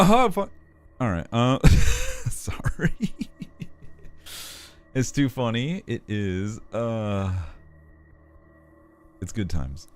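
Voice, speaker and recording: A man's voice: low-pitched, clear, resonant tone. A man streaming live and chatting casually, laughing often while reading chat aloud and swearing now and then. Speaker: streamer and animator.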